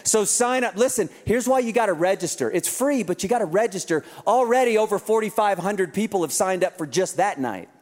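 Man, pastor, high voice, energetic, joking, urging the crowd, long hall reverb. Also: brisk, few pauses. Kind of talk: church announcements from the stage. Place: large church venue with a live audience.

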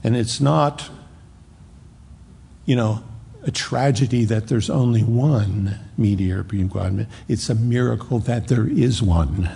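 A man preaching a sermon in a husky, gravelly voice of middling pitch. He speaks earnestly, leaning hard on key words and slowing down to stress them. The sound carries a long reverb, as from a large church hall. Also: mellow. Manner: earnest, emphatic preaching with repeated words and slow, stressed phrases. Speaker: pastor.

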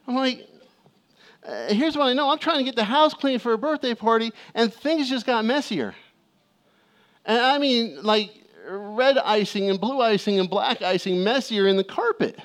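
A middle-aged male pastor preaching a sermon, telling a family story with lively acted-out voices and calls for amens. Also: sits high, normal speed.

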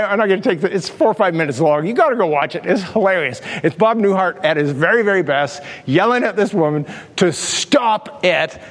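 A man preaching a sermon as a pastor, telling stories animatedly and acting out quotes. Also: high voice. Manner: animated storytelling with acted quotes. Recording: reverberant hall.

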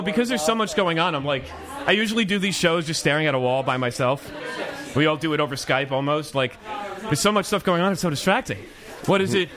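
A man hosting a casual podcast chat, rambling and joking about himself. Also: high-pitched. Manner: rambling, joking, self-deprecating. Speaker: podcast host.

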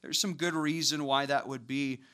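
A man preaching a sermon, walking through scripture with lively, casual asides and acted-out voices. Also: mid-range voice, moderate pace. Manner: animated, acts out voices of biblical figures with casual asides.

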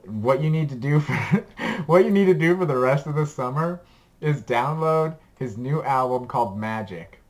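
A man on a podcast chatting casually and enthusiastically about music he likes, rambling and laughing as he talks. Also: mid-range voice. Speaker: podcast co-host giving a music recommendation. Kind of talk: casual chat.

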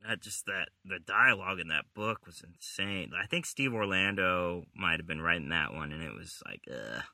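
A man's voice: sits low, animated, normal speed, gravelly, sharp tone, no echo. A man chatting casually about comic books, laid-back and swearing now and then. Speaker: comic book podcast co-host. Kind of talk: casual chat.

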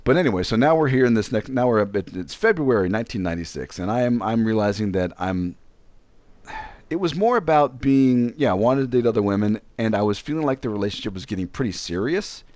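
A man's voice: lowish voice, expressive, fast, darkish tone, no echo. A man from Virginia telling a personal story in casual chat, rambling and self-deprecating, with frequent restarts. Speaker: podcast co-host.

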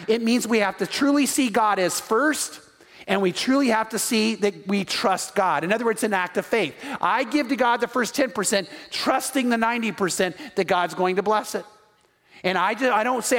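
A man with a notably high voice preaches a sermon, leaning on emphatic rhetorical questions and reading passages of Scripture aloud. His voice rings out with a long reverb, as in a big hall. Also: normal speed, fairly bright tone. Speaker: pastor.

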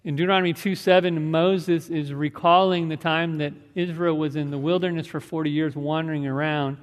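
Male pastor with a slightly high voice, delivering an earnest sermon in an echoing sanctuary. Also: steady tone. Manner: earnest, measured preaching with scripture reading and prayer. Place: church sanctuary. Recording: church sanctuary with long reverb.

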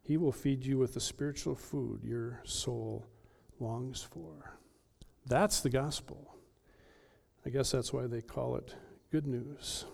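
A male pastor preaching an earnest sermon with emphatic delivery and dramatic pauses. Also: medium pitch, steady tone, creaky, darkish tone.

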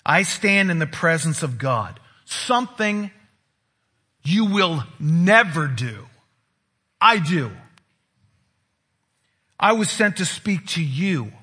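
A stern, imposing male angel messenger, as a man puts him on while preaching, declaring his words with heavy emphasis and rebuke. The voice is husky, bright and sits a little high. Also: very animated, slow, pauses often, exaggerated voice.

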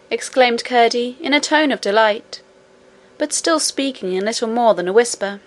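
A woman narrating a classic children's fantasy novel in a gentle, even storytelling manner. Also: fairly high pitch, moderate pace. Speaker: audiobook reader.

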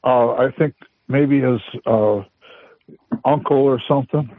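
A man calling in to chat, talking slowly and hesitantly over a tinny phone line. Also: medium pitch. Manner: slow, drawn-out, hesitant. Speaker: caller on a prayer line. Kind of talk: casual chat.

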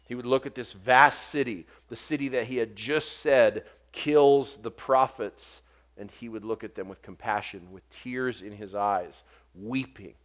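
Male preacher, sermon, earnest, swells loud then goes quiet, lowish voice. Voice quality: short stature mentioned, not vocal. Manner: earnest, rising to forceful emphasis then dropping soft for quotes.

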